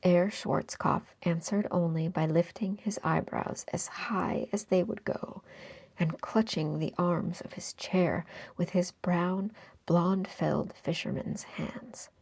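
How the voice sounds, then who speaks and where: A woman narrates an old novel in a breathy near-whisper. Her low voice has a gravelly, husky grain. She reads slowly, letting each phrase settle. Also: steady tone. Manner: hushed, breathy, unhurried. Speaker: audiobook reader.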